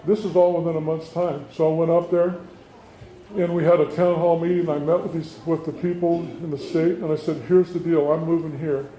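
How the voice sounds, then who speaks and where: A man's voice: a little high, little pitch movement, fairly quick, mellow. Man giving a speech in an echoey hall. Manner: storytelling, acts out quoted dialogue. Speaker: politician addressing residents. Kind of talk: campaign stump speech. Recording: roomy hall, faint background noise.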